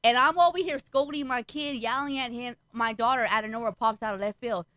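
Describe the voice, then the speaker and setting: A comedian woman chatting on a talk stream, swearing freely and jumping into the voices of the people in her stories. Her voice sits a little high and comes out bright and forceful. The sound is close and dry. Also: a little fast, no echo, low-quality recording. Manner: profane, animated storyteller who acts out voices. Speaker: stand-up comedian guest. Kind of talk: casual chat.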